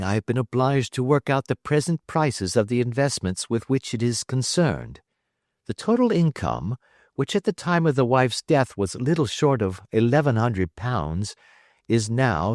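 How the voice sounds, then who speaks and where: A man voicing a calm, witty detective who answers threats with bland, quiet irony. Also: medium pitch, no room sound, studio quality, lightly acted. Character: calm, witty male detective, cool and imperturbable.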